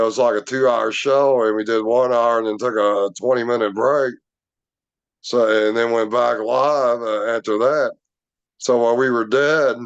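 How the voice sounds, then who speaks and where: A man's voice: mid-range voice, smooth, muffled recording. A man casually telling a rambling personal story, with many fillers and restarts. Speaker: Bigfoot researcher telling a story.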